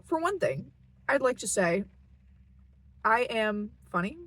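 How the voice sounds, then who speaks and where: A woman's voice: fairly high pitch, animated, unhurried, pauses often, heavy background noise. A young woman chatting to camera from her parked car, rambling and self-deprecating with giggles. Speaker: vlogger. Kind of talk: casual rambling monologue.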